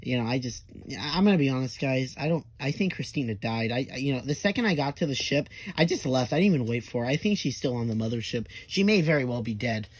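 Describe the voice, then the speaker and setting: A man's voice: mid-range voice, animated, fast, few pauses, slightly rough, no echo. Young guy rambling thru a silly storytime, lots of "like" and cussing, dry close sound. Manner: rambling, full of fillers and swearing; absurd tall tale told half-seriously. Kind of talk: comedic storytime.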